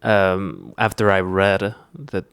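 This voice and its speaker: A man's voice: sits low, level tone, slow pace, fairly bright tone, clear, resonant tone, no echo, studio quality. A young man hosting a podcast in casual chat, rambling with lots of fillers and restarts. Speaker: podcast host.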